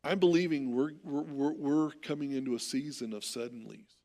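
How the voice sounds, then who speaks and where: Gravelly, animated American pastor preaching. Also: male voice, mid-range voice, moderate pace. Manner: animated storytelling with repeated words. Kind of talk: sermon.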